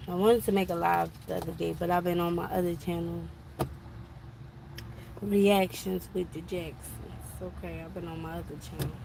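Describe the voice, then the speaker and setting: A woman's voice: lowish voice, little pitch movement, moderate pace, gravelly, background noise. A woman talking on a casual live stream from an eye doctor's office, telling a frustrated story about her son's school. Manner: chatty, exasperated storytelling. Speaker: vlogger.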